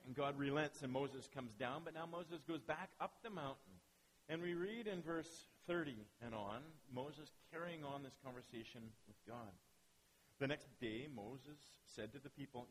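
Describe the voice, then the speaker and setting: A man preaching a sermon in an animated way, firing off rhetorical questions and checking in with his listeners. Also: mid-range voice, moderate pace, slight background noise, low-quality recording.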